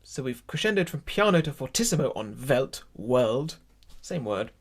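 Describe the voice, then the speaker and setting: A man's voice: mid-range voice, very animated, moderate pace, breathy edge. A man leading an online choir rehearsal, explaining German pronunciation and musical phrasing and counting the singers in. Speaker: choir leader.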